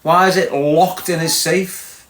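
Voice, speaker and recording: Speaking slowly in a fairly high, fairly bright voice with fairly even intonation, a Liverpudlian man lectures his live viewers bluntly. It's a casual rant from a livestream host in an echoey room, and he keeps checking whether they get it.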